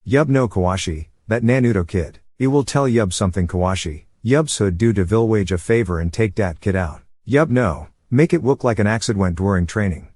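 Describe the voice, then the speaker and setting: A man's voice: fairly low pitch, normal speed, few pauses, darkish tone, no echo, studio quality, close to an everyday voice. Man doing a slurring drunk lout. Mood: drunken leering. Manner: slurred lisping speech. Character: drunken slurring male ninja father, boorish.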